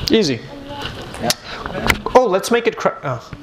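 A man teaching a university computer science class, talking lively and joking with his students. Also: high-pitched, slow pace, crowd noise. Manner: lively, switches between English and Armenian, jokes with students. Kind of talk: live classroom lecture. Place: university lecture hall. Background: students in the room.

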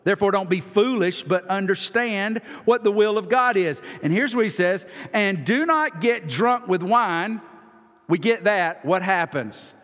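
A man preaching a sermon as pastor, folksy, acting out quoted voices and swinging from loud to soft. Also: sits high, lively intonation, unhurried. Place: church sanctuary. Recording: long hall reverb.

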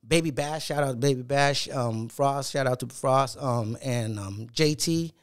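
A middle-aged guest with a medium-pitched voice tells casual stories at a measured pace. His delivery is profane, full of swearing, and he imitates the voices of the people he quotes.

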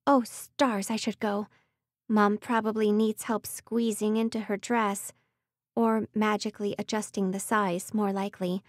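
A woman voicing an anxious young stepsister who asks worried, hurried questions, pitched above her own narrating voice. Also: level tone, no room sound, studio quality, lightly acted.

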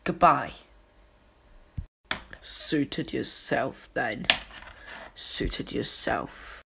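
A woman's voice: extremely low pitch, lively intonation, drawn-out words, gravelly, a bit bright, a little hiss or hum, pitched below the performer's own voice, heavily acted. A woman playing a harsh, scornful male office boss who barks curt orders in an amateur fan film. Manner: curt commands, scolding.

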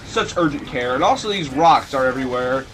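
A man's voice: medium pitch, expressive, fairly quick, fairly bright tone. A young man commenting on a video game he is playing, rambling and sarcastic, with sudden mock-dramatic outbursts. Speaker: let's play commentator. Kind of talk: gameplay commentary.

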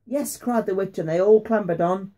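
Dad reading a rhyming bedtime book, mellow voice, slows down for the scary bits. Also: male voice, sits high. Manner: rhythmic, dramatic pauses, slows for suspense. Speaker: father reading to his son.

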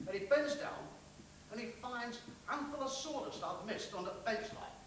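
An actor playing a blunt, hearty factory boss, telling a folksy story. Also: male voice, very high voice, expressive, moderate pace, fairly bright tone, slight background noise. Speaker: factory owner giving advice. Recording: roomy film sound from a distant mic.

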